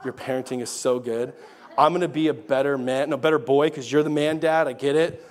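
A man's voice: medium pitch, steady tone, a little fast, natural voice. A man voicing his cheeky young son. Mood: earnest. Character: young boy deflecting blame, cheeky.

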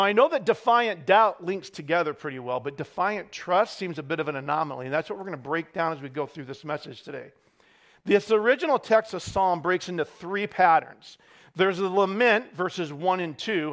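A middle-aged man preaching a sermon as pastor, building to shouted peaks between wry parenting asides. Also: high voice.

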